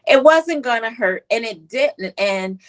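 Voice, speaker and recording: A woman with a US East Coast accent tells stories as a guest in an interview, her voice sitting a little high. She is animated, and she slips into children's voices when she quotes them. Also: a little slow, poor audio. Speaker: pediatric nurse and author, guest. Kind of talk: conversational interview storytelling.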